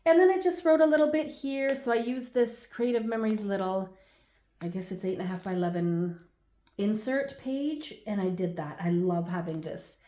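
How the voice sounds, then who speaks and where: A woman in her forties, the host of a scrapbooking channel, chatting through a baby album at home with laughs and animated asides. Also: mid-range voice, moderate pace, roomy sound. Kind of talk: casual chatty album walkthrough.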